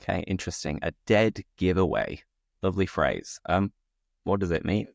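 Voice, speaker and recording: A man's voice: deep voice, very animated, moderate pace, creaky, no room sound, studio quality. A British man hosting a podcast, chatting casually and laughing at his own jokes. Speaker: podcast host, English teacher.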